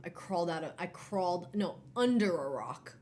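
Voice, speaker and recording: A woman hosting a casual live-stream book club, talking in an animated way with exclamations and trailing fillers. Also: fairly low pitch, moderate pace, a little hiss or hum.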